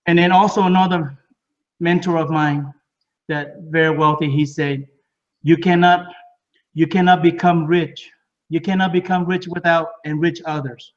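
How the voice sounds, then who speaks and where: Distant, muffled man pitching with excitement. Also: moderate pace. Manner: repeats words, broken English phrasing. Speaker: speaker at a home business party. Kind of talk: enthusiastic sales pitch. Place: living room of a home party.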